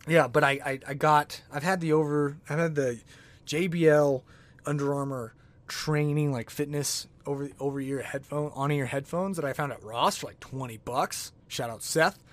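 A man's voice: mid-range voice, dry recording. A man hosting his own podcast, talking alone in a rambling, exasperated way. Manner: rambling and exasperated, with many restarts and laughs. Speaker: podcast host. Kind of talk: casual solo podcast rant. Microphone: podcast microphone.

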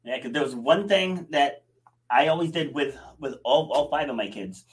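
A man's voice: on the high side, lively intonation, normal speed. A middle-aged man in casual conversation, a coach who tells stories about his kids with acted quotes and frequent laughs. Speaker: coach with clients.

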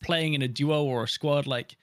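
A man's voice: on the high side, steady tone, normal speed, dry recording, clean studio sound. A young British man chatting casually as a podcast guest, rambling with lots of fillers and restarts.

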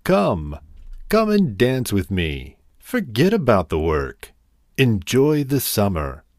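A carefree grasshopper, voiced by a man reading a storybook, coaxing in a raised, singsong voice. He drawls slowly, his pitch swinging widely. The sound is close and dry. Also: huge pitch swings, a little mellow, no echo, heavily acted. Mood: teasing. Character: carefree male grasshopper, playful and lazy.

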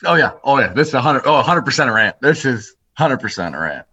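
A man's voice: mid-range voice, very animated, fast, bright, forceful tone, slightly rough. A man co-hosting a podcast in casual chat, blunt and dismissive as he pushes back. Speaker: podcast co-host. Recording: dull lo-fi sound.

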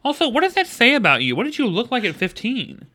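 A woman's voice: fairly high pitch, wildly swooping pitch, fast talker, bright, forceful tone. A woman co-hosting a podcast in casual chat, teasing and joking. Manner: teasing, jokey voices. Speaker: podcast co-host.

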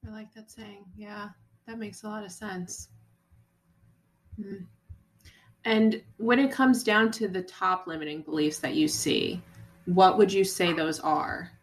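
Woman, podcast host, mid pitch, supportive, short replies. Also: a little slow, pauses often. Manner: supportive, brief backchannels. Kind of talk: interview questions and short affirmations.

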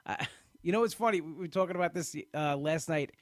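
Speaking fairly quickly in a fairly high-pitched voice, a man of Italian-American background hosts a casual live podcast. He talks close to the mic with no echo, rambling through fillers and restarts.

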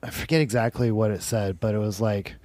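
A man's voice: on the low side, fairly even intonation, a little fast, a little mellow, dry recording. A man telling a long story in casual chat, rambling and peppered with "like" and swearing. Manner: rambling, heavy use of "like", swearing.

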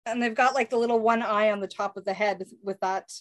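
A woman's voice: mid-range voice, fairly quick. A woman in casual chat, reading comic lines aloud in playful put-on voices. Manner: animated, reads character lines with put-on voices. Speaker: podcast guest.

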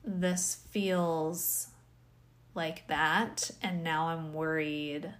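A woman's voice: low voice, steady tone, very slow, fairly bright tone. Tired, rambling woman podcaster. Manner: rambling, self-questioning, with sighs and small laughs. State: tired, yawning. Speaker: podcast host. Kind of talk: casual solo podcast monologue.

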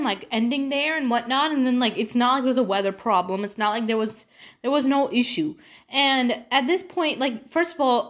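Young woman doing a storytime vlog, super animated, keeps acting out the dialogue. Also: a little high. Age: young adult. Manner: animated, acts out her own past dialogue. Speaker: vlogger. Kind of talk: casual storytime monologue.

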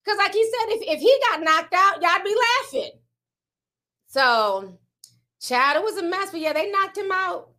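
A woman's voice: very high voice, expressive, a little slow, pushed and bright. A woman vlogger giving casual gossip commentary, chatty and slangy, often breaking into laughter.

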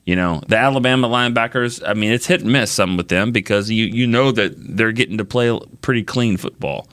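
A man's voice: on the low side, brisk, a bit bright, clean tone, no room sound. A man talking casually on a sports podcast panel, thinking aloud with frequent restarts.

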